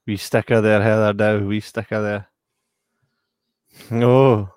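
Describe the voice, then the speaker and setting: A man's voice: lowish voice, flat delivery, slow, a little mellow, smooth, no echo, studio quality. A man hosting a casual watch-along, reading out viewer comments and laughing often. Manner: laid-back, laughs often.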